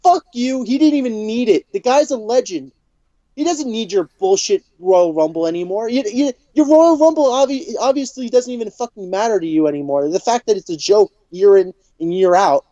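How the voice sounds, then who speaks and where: A woman's voice: mid-range voice, moderate pace, warm tone, no echo. A woman co-hosting a podcast, delivering a furious, profanity-heavy rant full of stammered restarts. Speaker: podcast co-host. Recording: dull lo-fi podcast audio.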